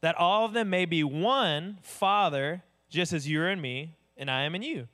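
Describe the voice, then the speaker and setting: A male pastor with a drawl delivers a sermon. He talks plainly and conversationally, often turning to his listeners with direct questions. His voice sits a little above the usual male pitch. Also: moderate pace, sharp tone.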